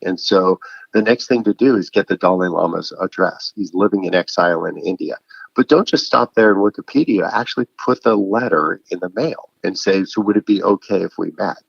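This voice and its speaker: Middle-aged male guest, husky and gravelly, casual, animated storyteller; dull dry recording. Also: low-pitched, brisk, no echo. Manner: animated, acts out phone calls in a raised voice. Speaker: guest author.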